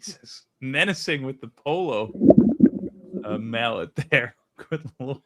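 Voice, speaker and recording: A man casually commenting on videos during a live stream, amused and thinking aloud with pauses. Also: medium pitch, expressive, heavy background noise.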